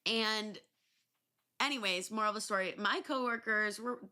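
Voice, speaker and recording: A young adult woman hosting a podcast, telling stories in a loose, animated way, swearing freely and filling pauses with ums and likes. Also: medium pitch. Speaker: podcast host. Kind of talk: casual solo storytelling.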